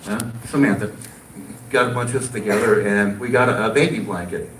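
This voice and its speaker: A man's voice: on the low side, fairly quick, a bit bright. A man presenting an award at a ceremony, joking and getting teary as he praises a friend. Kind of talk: ceremony introduction speech. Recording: echoey hall, distant mic, noise.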